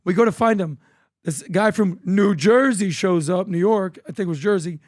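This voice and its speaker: Studio-quality audio with no room sound captures a male podcast co-host in his thirties from Florida. His high, slightly mellow voice moves at a moderate pace as he animatedly tells stories and imitates those he quotes.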